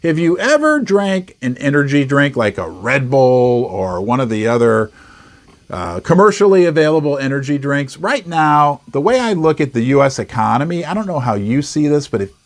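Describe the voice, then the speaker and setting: A man's voice: medium pitch, very animated, moderate pace. A middle-aged man hosting his own channel, giving casual market commentary in an emphatic way, often repeating words for stress. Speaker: host.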